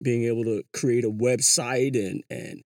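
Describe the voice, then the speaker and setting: A vlogger giving a casual monologue commentary. The delivery is animated and sing-song, full of slang, rhetorical questions and repeated words. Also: medium pitch, unhurried, no room sound, studio quality. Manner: slangy, says "yo" and "you know" often. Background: hip hop music.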